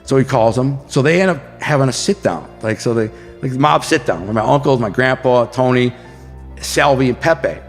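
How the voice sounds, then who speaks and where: A man's voice: medium pitch, normal speed. A man from Detroit tells a story as a podcast guest. He is blunt and profane, and he talks in a plain, middle-range voice. His voice trails into a long reverb, with faint music playing underneath. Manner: blunt, profane street storyteller who acts out quotes. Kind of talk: storytelling in a casual interview.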